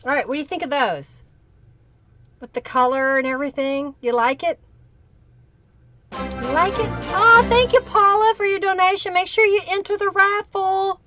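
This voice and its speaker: A woman with a high, bright-pitched voice hosts a live crafting stream, chatting and thinking aloud as she works. She greets viewers by name. The sound is dry and close, with no room echo. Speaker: craft livestream host. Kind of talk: live crafting tutorial with chat shout-outs.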